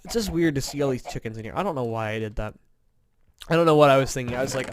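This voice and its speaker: A man's voice: mid-range voice, fast, slight background noise. Tired, rambling man chatting through gameplay. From Indiana, USA. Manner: rambling, chatty, self-mocking. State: tired, yawning. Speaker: gaming commentator. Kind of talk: casual let's-play chat.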